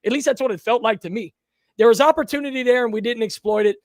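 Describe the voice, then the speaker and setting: A man's voice: very high-pitched, quick pace, dry recording, clean studio sound. A man, co-hosting a casual sports talk podcast, emphatic and repeating himself when fired up. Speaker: podcast co-host.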